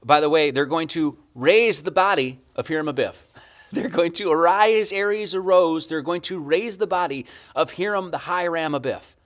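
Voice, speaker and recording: Male host, higher-leaning voice, casual explainer who keeps quizzing the audience. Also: normal speed, fairly bright tone. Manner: poses rhetorical questions and answers them. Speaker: host commenting on a played video. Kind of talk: casual lecture commentary.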